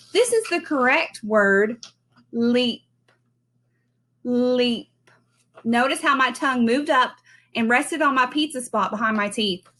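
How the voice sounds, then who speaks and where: A woman giving a children's speech lesson from home, modeling sounds slowly and clearly. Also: fairly high pitch, fairly bright tone. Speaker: speech teacher.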